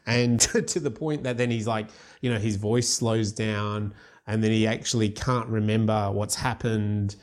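Lowish-voiced guy rambling about a movie, lots of likes and ums. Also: steady tone, measured pace. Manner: rambling, filler-heavy retelling with many restarts. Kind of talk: casual film discussion.

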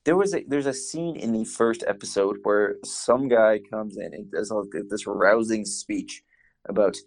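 A man chatting casually, telling animated stories with quoted asides. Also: on the low side, unhurried, gravelly. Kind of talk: casual chat.

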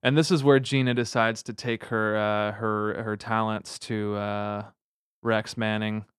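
A man co-hosting a casual podcast, walking through a movie's plot beats in a relaxed, self-mocking way. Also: fairly low pitch, a little slow, clear, resonant tone, no room sound, clean studio sound. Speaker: podcast co-host. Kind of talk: casual chat.

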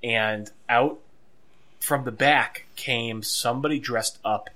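A man co-hosting a podcast, telling a story in an animated, wry way and riffing casually. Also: medium pitch, takes it slowly. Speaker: podcast co-host. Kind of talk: casual chat.

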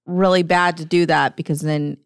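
A woman's voice: lowish voice, steady tone, normal speed, no echo, clean studio sound. A woman chatting on a podcast as a guest, chatty and easily spooked. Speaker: guest, host's wife. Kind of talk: casual chat.

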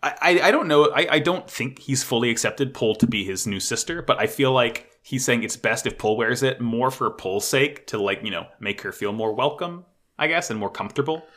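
A man co-hosting a casual podcast, excitedly recapping an anime episode, swearing freely and stammering when unsure. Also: medium pitch, a little fast. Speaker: podcast co-host.

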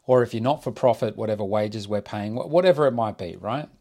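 A middle-aged man, an architect hosting a solo podcast and talking in a measured, reflective way as he thinks aloud into a close microphone. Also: on the low side, mellow. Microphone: close desk microphone.

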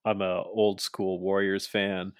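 A young man casually recapping a wrestling show in a chatty, animated way. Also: sits low, slow pace, clear, resonant tone, dry recording, clean studio sound. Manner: chatty, animated, acts out quoted lines. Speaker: podcast co-host.

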